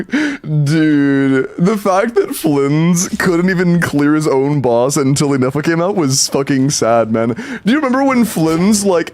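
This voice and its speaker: A man is streaming live, casually going through game account advice and answering chat in a loose, rambling way with some swearing. His voice is fairly high-pitched with a darkish tone, and the recording is dry.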